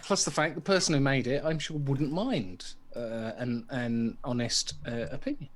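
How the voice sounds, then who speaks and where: A man's voice: medium pitch, normal speed, crowd noise. A man from the UK co-hosting a casual live vape chat, joking and chiming in with short replies. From United Kingdom. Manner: jokey, laughs often, chimes in with short replies. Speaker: podcast co-host.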